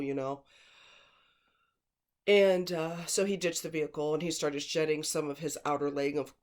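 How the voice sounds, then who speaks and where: Blunt, scornful commentator; rambles, hammers points home by repeating words, ordinary mid-range voice. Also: medium pitch. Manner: emphatic, repeats words for stress; rambling, with digressions and fillers. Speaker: true-crime commentator. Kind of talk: casual spoken commentary.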